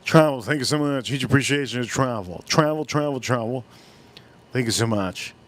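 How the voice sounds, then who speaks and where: A man's voice: mid-range voice, moderate pace. A man with a Miami accent hosting a casual live stream, rambling and stretching his words out as he reads chat. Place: cold room at home.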